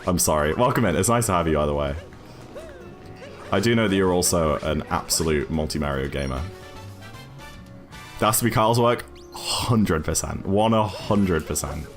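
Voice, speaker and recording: A man's voice: sits low, expressive, fairly quick, long pauses, soft background music. A British man chatting casually with his live-stream chat while speedrunning a game. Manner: chatty, apologetic, reads chat aloud.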